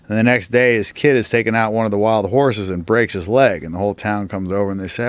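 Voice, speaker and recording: In a podcast studio, a male guest tells a long story at a quick clip with few pauses, his voice on the low side. He swears often and packs his speech with "like" and "you know."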